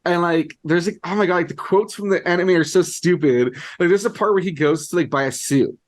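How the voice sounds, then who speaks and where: A man's voice: high voice, brisk. A young man co-hosting a podcast in casual chat, rambling, amused and full of "like". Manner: rambling, heavy use of "like", amused. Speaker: podcast co-host.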